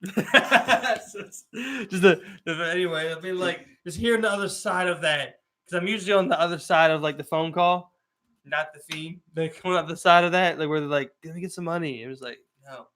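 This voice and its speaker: A man's voice: sits high, normal speed, sharp tone. A man with a Baltimore accent, co-hosting a casual podcast chat in a laid-back, chuckling way, agreeing a lot and adding his own stories. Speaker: podcast co-host.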